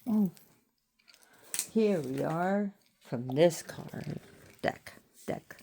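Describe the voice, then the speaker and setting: A woman with a low, mellow voice talks through an occult presentation in a casual, meandering way. She takes her time and drifts into side remarks before pulling back on topic. Her delivery is relaxed and warm. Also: drawn-out words, vocal fry, long pauses, slightly rough. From Florida, US. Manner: chatty and rambling, with frequent "so anyways".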